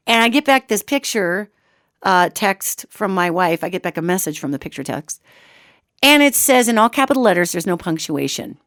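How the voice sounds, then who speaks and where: A woman's voice: mid-range voice, a little fast, no echo, clean studio sound. A woman radio host telling a casual, chatty personal story and talking straight to her listeners. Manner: animated and chatty, addresses listeners as gang.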